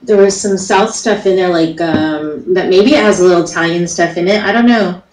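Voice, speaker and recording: A woman's voice: fairly low pitch, moderate pace, a little mellow, reverberant, a little hiss or hum, rough recording. A woman from the United States, an easygoing guest who chats casually and laughs often. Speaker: guest caller. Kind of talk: casual chat.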